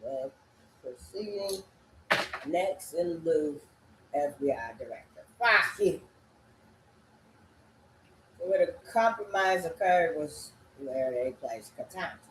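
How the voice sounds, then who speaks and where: A woman talking in a rambling solo monologue, breaking into sing-song chants and sudden loud cursing outbursts. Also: sits low, animated, slow pace, long pauses, echoey room, a little hiss or hum.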